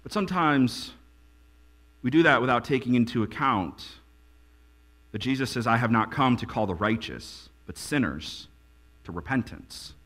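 A man preaching a sermon as a pastor, building to emphatic peaks and dropping to quiet lines. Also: mid-range voice, expressive, moderate pace, pauses often.

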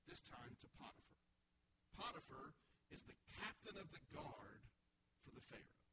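A man preaching a sermon, retelling a Bible story in a casual way and acting out its lines with slang before reading the passage aloud. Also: a little high. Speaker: pastor. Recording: heavy background noise.

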